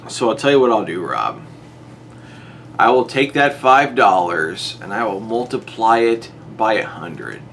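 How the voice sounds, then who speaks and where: Guy doing a slow exasperated rant on his channel, goes way up on the questions, bit of hiss behind. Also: sing-song, gravelly, fairly bright tone. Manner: exasperated, rhetorical, pitch jumps up on questions. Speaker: YouTuber addressing a rival. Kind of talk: monologue to camera.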